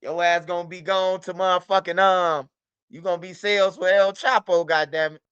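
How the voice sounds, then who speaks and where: A man's voice: sits high, fairly even intonation, moderate pace, a bit bright, smooth, dry recording, muffled recording. A man hosting a livestream, talking loosely and profanely in repeated street slang, addressing his chat by name. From United States. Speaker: livestream host. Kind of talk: casual livestream talk.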